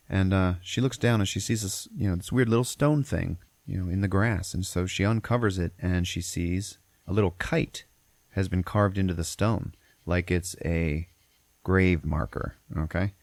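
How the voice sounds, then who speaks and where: Deep, gravelly, swearing podcast host. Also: male voice, no room sound. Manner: profane, rambling storyteller. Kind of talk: casual movie recap.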